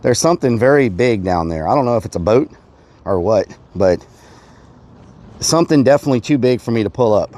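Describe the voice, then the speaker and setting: A man's voice: mid-range voice, expressive, brisk, warm tone. Playful man streaming outdoors. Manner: playful, jokey, repeats phrases. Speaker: live streamer, host. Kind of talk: casual live-stream chat. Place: outdoors by a river.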